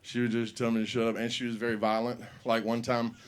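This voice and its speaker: A man's voice: mid-range voice, completely flat delivery, fast, smooth. A middle-aged man hosting a comedy show on stage, telling profane stand-up stories and acting out scenes. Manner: loud, profane storytelling with act-outs.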